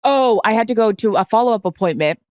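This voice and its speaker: A woman's voice: a little high, lively intonation, quick pace, darkish tone, dry recording. A woman in her thirties co-hosting a podcast in a casual, chatty conversation. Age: 30s. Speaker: podcast co-host. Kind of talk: casual chat.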